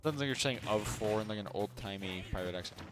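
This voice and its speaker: Young man, esports caster, eager analysis, rapid talker, music behind. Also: lowish voice. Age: young adult. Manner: eager, quick analytical chatter. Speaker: esports commentator. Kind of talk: casual play-by-play commentary.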